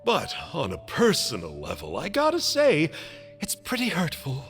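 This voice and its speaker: An actor playing a cheerful, chatty member of a sinister order in a game, playfully polite. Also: male voice, a little high, huge pitch swings, moderate pace, gravelly, a bit bright, faint music behind, heavily acted.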